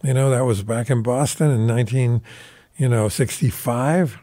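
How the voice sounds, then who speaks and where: A man's voice: mid-range voice, normal speed, dark tone. An older man casually telling a long anecdote as a guest musician, acting out what people said. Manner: rambling anecdotal, mimics quoted voices. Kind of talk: casual storytelling.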